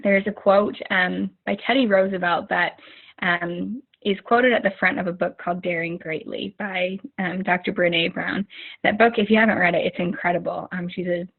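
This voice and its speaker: A young woman with a low, husky voice gives a rambling pep talk to her team, full of fillers and restarts. She comes through a narrow, tinny video call line. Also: fairly even intonation, normal speed. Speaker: team leader giving a motivational talk.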